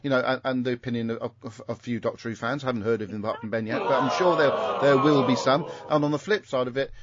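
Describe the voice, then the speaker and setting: A man hosting a podcast in casual chat, even-handed and conciliatory, with hesitant fillers. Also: mid-range voice, fast talker, lo-fi sound, very noisy. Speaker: podcast host.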